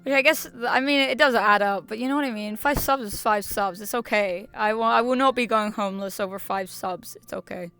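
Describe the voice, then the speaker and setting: A woman's voice: mid-range voice, fairly quick, hardly any pauses, a bit bright, smooth, soft background music. A young woman streamer chatting casually to her viewers, rambling with restarts, slang and laughter. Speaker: VTuber streamer.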